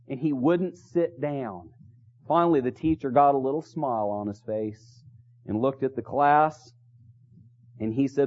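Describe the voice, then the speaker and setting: Preaching a sermon in a chapel, a man speaks earnestly and exhorts his listeners, hammering points home with rhetorical questions and repetition. His voice is a little high, expressive, and darkish in tone at a moderate pace, captured in a dull lo-fi recording.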